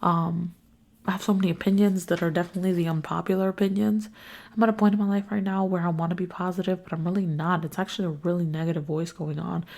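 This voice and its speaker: Weary, raspy woman venting late at night. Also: lowish voice, little pitch movement, fast talker, a little mellow. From New York. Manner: weary, frank and profane. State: sick, congested. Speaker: podcast host. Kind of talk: casual solo podcast venting.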